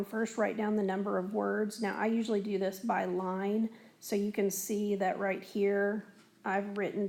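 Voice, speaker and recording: A woman's voice: mid-range voice, creaky, a little mellow. A woman teacher explaining a lesson on a recorded whiteboard in a patient, step-by-step way, with frequent fillers. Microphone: tablet recording.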